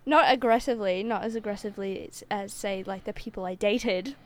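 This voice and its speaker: A woman's voice: medium pitch, fairly quick, a crowd in the background. A woman co-hosting a podcast, chatting casually with rambling restarts. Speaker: podcast co-host. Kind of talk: casual chat.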